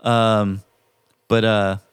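A man's voice: lowish voice, flat delivery, extremely slow, clear, resonant tone, dry recording, studio quality. A man co-hosting a podcast, chatting casually and agreeing in short bits. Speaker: podcast co-host. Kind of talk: casual chat.

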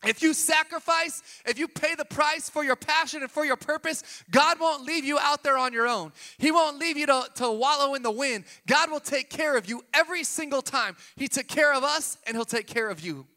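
A pastor from Sacramento preaching a sermon, energetic, building to emphatic peaks with casual asides, in a church auditorium. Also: male voice, very high-pitched, moderate pace, hardly any pauses. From Sacramento, California. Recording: long hall reverb with faint music.

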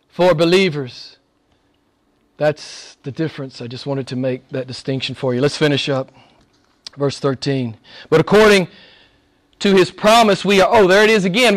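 Impassioned preacher, fairly high male voice. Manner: impassioned preaching, swinging from loud exclamations to hushed near-whispers; repeats rhetorical questions. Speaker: pastor. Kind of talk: sermon.

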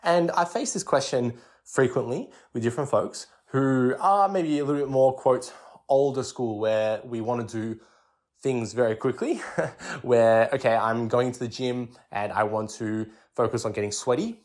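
A young man hosting a fitness podcast, explaining training in a chatty, casual way full of restarts and filler words. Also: medium pitch. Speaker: podcast host.

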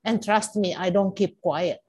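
A woman's voice: medium pitch, measured pace, slightly rough. A woman hosting a casual chat, telling a story with feeling and acting out the voices of the people in it. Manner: animated, acts out quoted voices, emotional. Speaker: podcast host.

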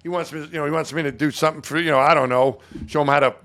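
A man's voice: a little high, steady tone, very fast, fairly bright tone. A middle-aged man co-hosting a podcast, telling stories in a rambling, casual way with many restarts. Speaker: podcast co-host. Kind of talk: casual chat.

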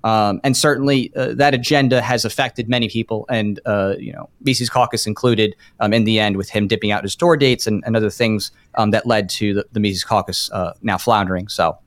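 A man's voice: on the low side, fairly even intonation, fairly quick, hardly any pauses, no echo. A man guest on a podcast speaking emphatically and critically, with many fillers. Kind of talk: casual podcast debate.

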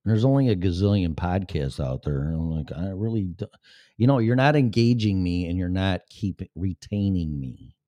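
A man's voice: deep voice, lively intonation, normal speed, few pauses, warm tone, no echo. A man hosting a podcast in a casual live-stream monologue, sarcastic, profane and rambling. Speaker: podcast host.

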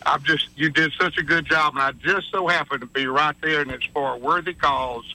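Man, radio caller, friendly, rambling, very bright tone, slightly high. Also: fairly even intonation, fairly quick, low-quality recording. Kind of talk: casual call-in chat.

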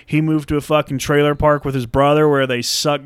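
A man's voice: fairly high pitch, little pitch movement, brisk, a loud crowd. A man co-hosting a casual movie podcast, blunt and sarcastic, swearing freely. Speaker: podcast co-host.

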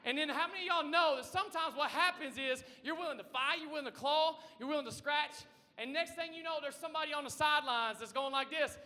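A man with a very high, sharp, forceful voice preaches to his congregation in a big church. He keeps it conversational, throws questions at the room and often rises to a shout. The sound rings with a long hall reverb. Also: quick pace. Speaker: pastor. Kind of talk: energetic sermon. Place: church sanctuary.

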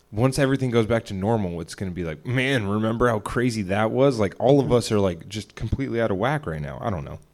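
Young guy ranting on a podcast, kinda low voice, curses a lot, rambles. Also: a little mellow. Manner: rambling, profane, retells arguments with quoted voices. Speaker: podcast co-host. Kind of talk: casual chat.

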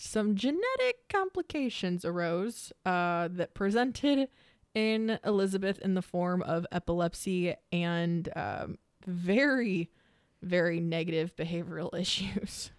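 A woman's voice: on the low side, animated, a little slow, clear, resonant tone, dry recording. Young woman, podcast co-host, chatty and loose, dry close-miked sound. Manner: chatty, laughing, rambling storyteller. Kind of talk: casual chat.

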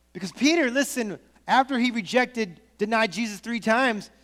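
High-voiced pastor preaching in a reverberant hall. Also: male voice, normal speed, a bit bright. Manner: conversational preaching, rhetorical questions, acts out voices. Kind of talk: sermon.

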